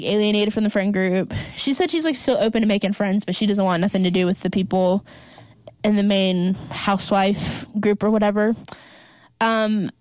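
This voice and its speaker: A woman's voice: medium pitch, a little mellow, clear, resonant tone, dry recording. A young woman hosting a casual recap podcast, chatting loosely with lots of "like" fillers. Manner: chatty, heavy use of "like" fillers. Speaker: podcast host.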